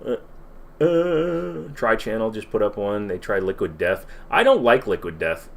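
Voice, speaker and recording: A man's voice: lowish voice, big pitch swings, measured pace, vocal fry, fairly bright tone. A man hosting a casual livestream Q&A, rambling and swearing as he reacts to viewer comments. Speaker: livestream host.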